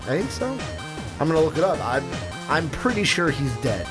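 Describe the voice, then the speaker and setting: Young male podcast host, casual and rambling, voice sitting a touch high, light music bed. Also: big pitch swings, normal speed. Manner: rambling and chatty, with frequent fillers and restarts.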